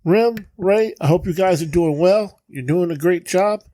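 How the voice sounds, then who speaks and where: High-voiced exasperated man telling a story. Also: unhurried, warm tone, dry recording. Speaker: listener sending in a story. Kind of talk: recorded voice message.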